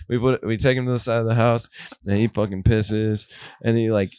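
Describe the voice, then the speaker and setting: A man's voice: lowish voice, steady tone, brisk, darkish tone, clean tone, no echo. A man co-hosting a podcast, telling crude party stories in casual, profane chat and laughing as he talks. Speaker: podcast co-host.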